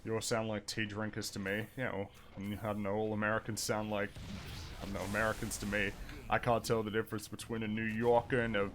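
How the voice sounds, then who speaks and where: Low-voiced Australian man chatting while gaming. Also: completely flat delivery, quick pace, a bit bright, slight background noise. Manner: rambling, hesitant, wry. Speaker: streamer. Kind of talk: casual chat while gaming.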